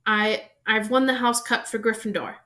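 A woman's voice: a little high, steady tone, normal speed, pushed and bright. A woman voicing a brave young boy wizard in a storybook reading, close to her own voice. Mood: guarded.

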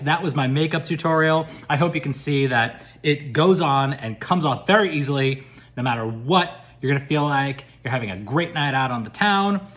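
A man's voice: on the high side, a bit bright. A man co-hosting a casual vlog, playful and jokey, laughing often as he gets his makeup done. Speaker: vlog co-host getting a makeup demo. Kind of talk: joking casual chat.

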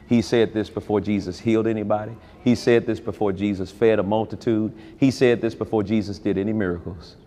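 A man preaching a sermon at a large convention, with an animated delivery that swings between loud high calls and low quiet asides. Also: a little fast, hardly any pauses. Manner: animated preaching with wide swings in pitch and loudness. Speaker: pastor.

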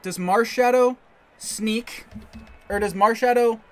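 A man commentating his own competitive game match, thinking aloud in quick bursts and getting excitable. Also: very high-pitched. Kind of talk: live gameplay commentary.

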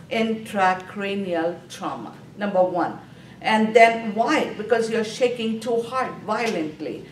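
A woman's voice: mid-range voice, a little hiss or hum. Woman instructor, lecture style, drills key terms, distant mic in an echoey room. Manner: repeats key words, quizzes the class with questions; non-native English grammar. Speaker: nursing exam instructor. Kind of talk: classroom lecture. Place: classroom.

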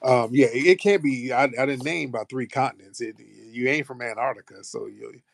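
A man's voice: medium pitch, fairly quick, gravelly, no echo. An American man hosting a live audio chat, brash and profane, bantering with callers. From United States. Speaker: host of a live audio space.

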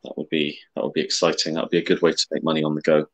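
A man's voice: extremely low pitch, completely flat delivery, racing, fairly bright tone, husky. A man talking on a video call as a coaching client, hesitant and wry, often restarting his sentences.

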